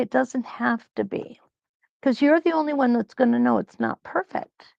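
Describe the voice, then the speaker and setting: A woman hosting a live quilt-along, talking slowly and reassuringly as she thinks aloud through each stitching step. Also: fairly high pitch, creaky, darkish tone, no echo, highs cut off. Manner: slow, reassuring, thinks aloud while sewing.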